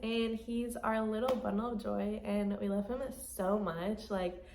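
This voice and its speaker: A woman's voice: medium pitch, flat delivery, a little slow, darkish tone, slight background noise. A young woman vlogger telling her story in a chatty, casual way, with lots of "like" and laughing as she talks. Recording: echoey room.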